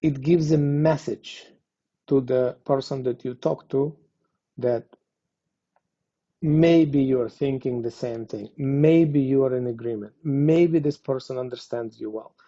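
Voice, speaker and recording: A man's voice: mid-range voice, slow pace, mellow, dull audio. A man teaching a Spanish lesson, explaining patiently with frequent fillers. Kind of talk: language lesson.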